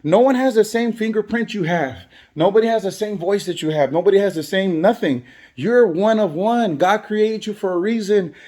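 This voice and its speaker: Earnest motivational man, fairly high voice. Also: moderate pace, darkish tone. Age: adult, has kids. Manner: earnest, preachy, repeats phrases for emphasis. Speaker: barber and vlogger. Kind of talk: motivational vlog talk.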